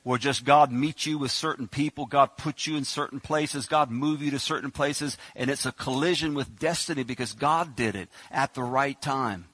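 A man's voice: mid-range voice, normal speed, few pauses, fairly bright tone, breathy edge, no echo. A man preaching a sermon in a conversational way, acting out the people in the story as he goes. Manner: conversational preaching, acts out biblical characters.

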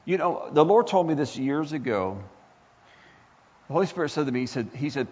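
A man's voice: a little high, animated, fairly quick, long pauses, husky. A male pastor preaching a sermon with impassioned build-ups and rhetorical questions. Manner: impassioned, rising to near-shouts, rhetorical questions. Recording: echoey hall, dull lo-fi sound.

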